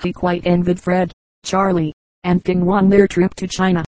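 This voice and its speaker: A woman reading a storybook aloud in a steady narrating manner. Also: fairly low pitch, normal speed, no room sound, low-quality recording. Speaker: audiobook reader. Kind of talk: scripted narration.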